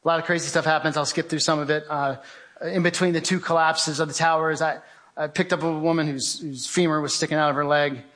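A man's voice: on the high side, flat delivery, fairly quick, fairly bright tone. A man giving a vivid, urgent testimony talk, telling a survival story with remarks of faith. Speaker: guest speaker.

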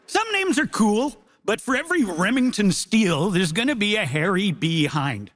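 A man's voice: high-pitched, big pitch swings, normal speed, background noise. A man delivering a mock-grand comic debate speech on a theatre stage. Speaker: comedian debater.

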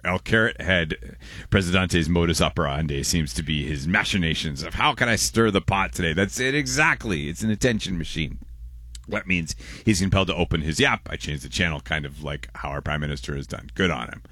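A young man, hosting call-in talk radio, quick and loose as he reads listener texts aloud. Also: low voice, pushed and bright, no room sound. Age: young adult. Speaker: radio host. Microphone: close studio microphone.

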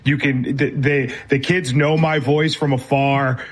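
A man on a sports radio show telling a story loudly and excitedly, repeating himself as he goes. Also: mid-range voice, unhurried. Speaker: radio producer and youth baseball coach. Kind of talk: casual sports radio banter. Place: remote, away from the studio.

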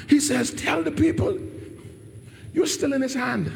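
Shouting high-voiced preacher in a big hall. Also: male voice, sing-song, a little slow, gravelly, long pauses. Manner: shouting, call-and-response, laughing asides. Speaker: pastor. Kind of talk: live preaching. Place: church.

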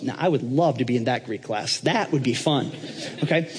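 A man's voice: mid-range voice, moderate pace, husky, long reverb tail. A man preaching a sermon in a church, joking and asking the congregation questions. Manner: joking, conversational, asks the audience questions. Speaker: pastor.

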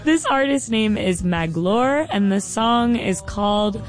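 A woman's voice: mid-range voice, expressive, takes it slowly. A woman co-hosting a music radio show, chatty, teasing and self-deprecating. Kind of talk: casual radio chat.

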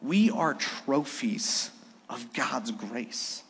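A man's voice: medium pitch, expressive, very slow, fairly bright tone, slightly rough, in a large hall. A man preaching a sermon, earnest and story-driven, asking his listeners questions as he goes. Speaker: pastor.

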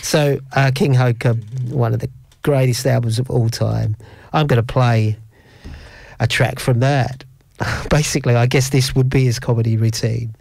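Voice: medium pitch, steady tone, normal speed, gravelly, a little mellow. A radio host in casual chat, rambling and giggling through stories.

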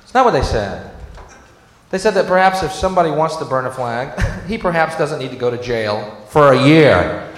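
A man's voice: lively intonation, moderate pace. Man, stand-up comic, sarcastic rant, roomy venue, long reverb. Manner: sarcastic, swings from low mutters to shouting. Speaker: stand-up comedian.

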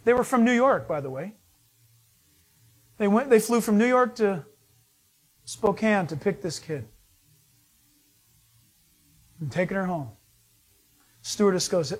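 A man's voice: high-pitched, expressive, measured pace, pauses often. A man preaching a conversational sermon, telling stories in a chatty way with frequent restarts. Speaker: pastor.

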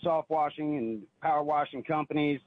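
Over a phone line, a male caller to a radio show gives an earnest, emotional testimony about his life, often repeating himself. His voice is a little high and moves at normal speed, in a dry recording.

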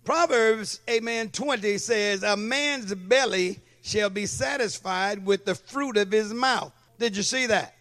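A man's voice: high voice, measured pace, hardly any pauses, a bit bright. A male pastor preaching a sermon in church, calling for amens and checking that the congregation follows along. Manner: calls for amen and asks if the congregation follows.

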